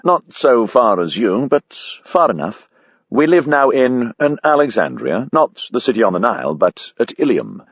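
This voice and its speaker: A man's voice: mid-range voice, big pitch swings, normal speed, slightly rough, dry recording, lo-fi sound, pitched above the performer's own voice. A man voicing a formal, courtly British army captain in his seventies, speaking with a British accent. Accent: British (figure). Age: 70s (figure).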